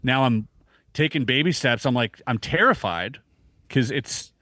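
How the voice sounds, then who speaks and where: A man in his thirties talks as a podcast guest, keeping his voice at a middling pitch. He tells a story in a casual, animated way, stumbling over restarts and acting out his own reactions. The sound is dry and close to the mic. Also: measured pace, no echo.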